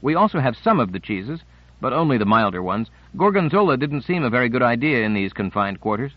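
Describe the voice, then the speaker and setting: A man's voice: medium pitch, very animated, a little fast, dry recording, dull audio. A man reading the lines of a young tour guide who speaks with wry mock apology in an audiobook.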